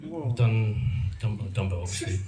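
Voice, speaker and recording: A man's voice: lowish voice, lively intonation, normal speed, roomy sound, crowd noise. A middle-aged man from England, an actor and producer, tells his story casually to a live audience, rambling and self-mocking with lots of ums and restarts. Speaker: actor and producer giving a talk. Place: event venue in a roomy hall.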